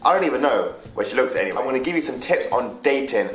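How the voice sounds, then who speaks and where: A man's voice: medium pitch, animated, fast talker. A young man rambling through casual dating advice, chatty and loose, swearing and restarting his sentences. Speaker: vlogger. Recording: echoey room with faint music.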